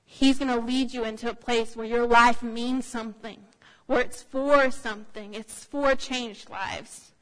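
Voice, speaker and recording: A woman's voice: a little high, fairly even intonation, unhurried, a bit bright. A woman giving a sermon in a conversational, anecdotal way, with frequent fillers. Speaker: speaker. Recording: long hall reverb.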